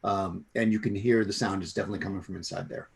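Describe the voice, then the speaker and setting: Gravelly, low-voiced game master. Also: male voice, fairly even intonation, fast talker. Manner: rambling, many restarts. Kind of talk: narrating a tabletop game.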